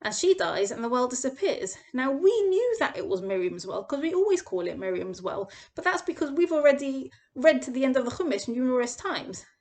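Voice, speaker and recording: Young woman teaching torah, high voice, lively and animated, jumps around a lot when she quotes people. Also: brisk, hardly any pauses. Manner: animated storytelling, acts out quoted voices with big pitch jumps. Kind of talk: expressive parsha lesson.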